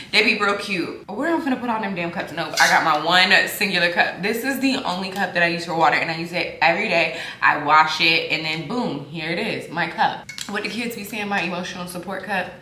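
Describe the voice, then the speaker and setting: A woman's voice: fairly low pitch, sharp tone. A tired woman chatting casually to her viewers in a vlog, candid and talkative. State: sleepy and tired. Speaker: vlogger. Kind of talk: casual vlog talk to camera. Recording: roomy echo, faint background noise.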